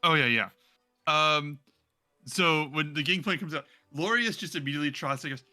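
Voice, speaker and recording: A man narrating as game master of a tabletop game, rambling with many pauses and restarts. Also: fairly high pitch, pushed and bright.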